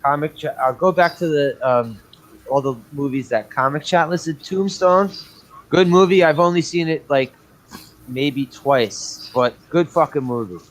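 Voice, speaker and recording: A man's voice: a little high, a little slow, rough recording. A man co-hosting a casual movie review chat, blunt and opinionated with heavy swearing. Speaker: podcast co-host.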